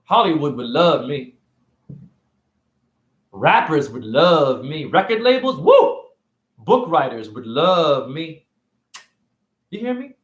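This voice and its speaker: A man giving a rambling, confrontational livestream monologue. He fires off rhetorical questions, and his pitch swings widely. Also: very animated, slow pace, long pauses, fairly bright tone, roomy sound. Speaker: spiritual vlogger and store cashier.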